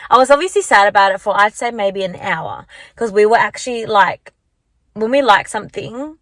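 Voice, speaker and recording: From her parked car, a young woman talks casually to camera on a handheld phone, rambling along with plenty of likes and restarts. Her medium-pitched voice is a bit bright, her pace moderate, and there's no echo.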